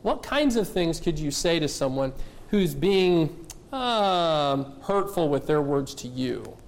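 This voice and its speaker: Male pastor, high voice, emphatic sermon, lots of rhetorical questions. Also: sing-song, slow. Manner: addresses kids and adults directly.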